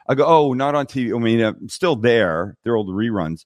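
Brisk and medium-pitched, a middle-aged cooking show host known from TV and YouTube appears as a guest in a casual interview. The sound is studio quality with no room sound, from a studio microphone in a podcast studio, and he relates stories bluntly, animatedly acting out the people in them.

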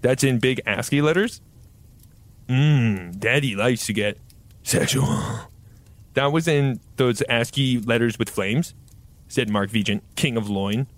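A man's voice: medium pitch, unhurried. A man reading his own parody fan fiction aloud in mock-dramatic style, adding sound effects. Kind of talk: comedic deadpan story reading.

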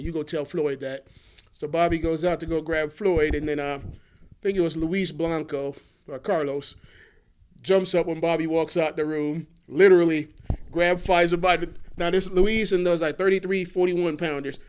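A man in his forties telling animated stories in casual talk, laughing often and swearing freely. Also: on the high side, clear, resonant tone. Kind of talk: casual storytelling.

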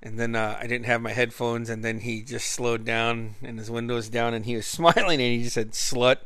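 A man in the middle of a casual story, rambling along, laughing often and cursing freely. His voice sits at an ordinary middle pitch, close and dry, with no room sound around it. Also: fairly even intonation, a little fast, fairly bright tone, no echo.

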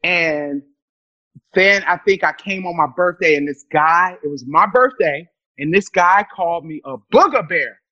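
A woman comedian telling animated, profane stories as a podcast guest, breaking into loud laughter. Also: lowish voice, a little slow, dry recording, lo-fi sound. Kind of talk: storytelling in a podcast interview.

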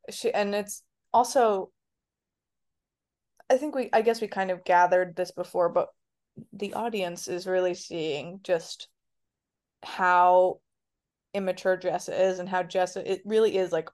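A woman co-hosting a podcast in casual chat, halting with fillers and restarts. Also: lowish voice, darkish tone. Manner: hesitant, many fillers and restarts. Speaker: podcast co-host.

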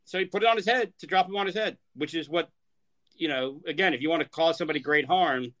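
A man's voice: fairly high pitch, quick pace, fairly bright tone. A man on a podcast, ranting in casual chat, profane and heated, rambling with lots of restarts. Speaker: podcast co-host.

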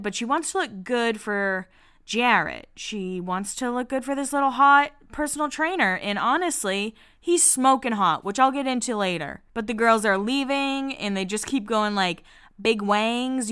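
A woman talking through a gossipy recap in a smooth, resonant voice, her pitch sitting in an ordinary middle range. She is candid and chatty, and she throws in casual swearing like she's talking with a friend. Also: fairly bright tone. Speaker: podcast host recapping a reality show.

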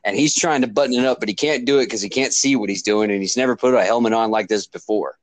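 A man's voice: lowish voice, quick pace, no room sound. A man chatting casually on a podcast, telling a family story. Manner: lively, chuckling storyteller.

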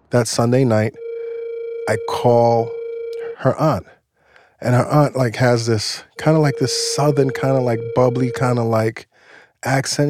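A man from the United States tells an animated personal story, peppering it with "like". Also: medium pitch, measured pace, pauses often. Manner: animated, heavy use of 'like'. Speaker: storyteller guest. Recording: music playing underneath.

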